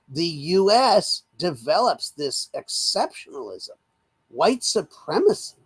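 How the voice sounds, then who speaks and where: An older man from the United States, a political commentator talking as an interview guest in an animated, rambling way with many restarts. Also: a little high, gravelly, breathy edge.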